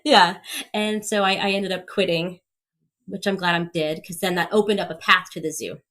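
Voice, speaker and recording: A woman's voice: lowish voice, fairly even intonation, normal speed, a bit bright. A woman in her thirties, a podcast guest telling stories with energy, laughing often and acting out the people she quotes. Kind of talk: casual storytelling.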